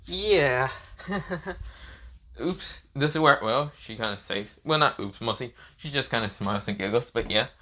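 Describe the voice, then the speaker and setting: Bright-voiced man rambling through a story. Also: mid-range voice, fairly quick, hardly any pauses. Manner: rambling, with frequent fillers and restarts. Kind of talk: casual improvised story narration.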